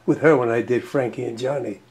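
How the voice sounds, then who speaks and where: A man's voice: mid-range voice, steady tone, a little fast, a little mellow. Easygoing rambling man host. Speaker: talk show host. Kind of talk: casual chat.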